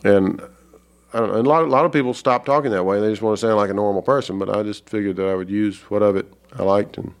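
A man from Georgia with a Southern accent, an author talking as an interview guest, thoughtful and halting with many fillers. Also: on the low side, steady tone. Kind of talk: reflective interview talk.

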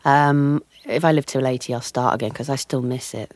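A woman's voice: very deep voice, steady tone, fairly quick, dry recording. A woman being interviewed, chatting animatedly, laughing often and trailing off mid-sentence. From England. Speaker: comedian and guest. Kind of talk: casual interview chat.

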